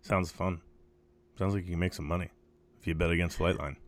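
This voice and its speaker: A man's voice: deep voice, steady tone, a little fast. A man co-hosting a horse racing podcast, chatting casually in an easygoing, rambling way with fillers. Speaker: podcast co-host. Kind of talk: casual chat.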